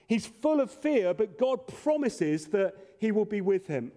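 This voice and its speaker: High-voiced, mellow-toned man preaching. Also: animated, measured pace, hardly any pauses. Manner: earnest preaching with playful asides. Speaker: pastor. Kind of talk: sermon.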